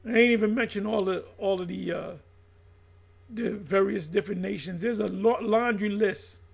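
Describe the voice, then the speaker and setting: A man's voice: high voice, normal speed, gravelly, husky. A middle-aged man preaching and riffing off what he reads aloud, blunt and profane, calling people out as he goes. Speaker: religious teacher.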